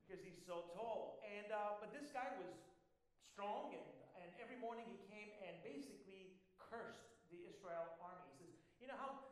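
High-voiced preacher in an echoey room. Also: male voice, normal speed. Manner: conversational, leans on filler phrases. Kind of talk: sermon.

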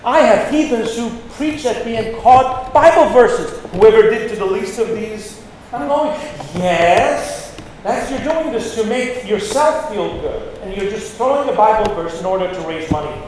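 A man preaching a sermon, blunt and forceful, with sudden loud peaks. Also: high voice, expressive, measured pace. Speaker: pastor. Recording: echoey hall with long reverb, faint noise.

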